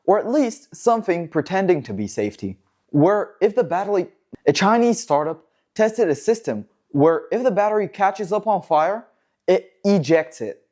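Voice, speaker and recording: A man's voice: sits high, lively intonation, moderate pace, darkish tone. A man hosting a car news vlog, talking in a jokey, sarcastic, casual commentary style. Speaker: host of a car news show.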